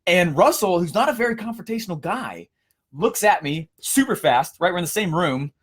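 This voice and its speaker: A young man giving a casual coaching lesson, energetic and storytelling, with frequent fillers and restarts. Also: sits high, normal speed, husky. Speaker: course instructor.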